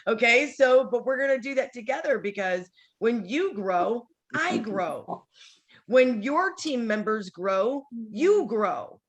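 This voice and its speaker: A woman's voice: a little high, lively intonation, slow. A woman leading a casual team training call over video, chatty and encouraging, sometimes acting out sample conversations. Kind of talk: casual motivational training talk.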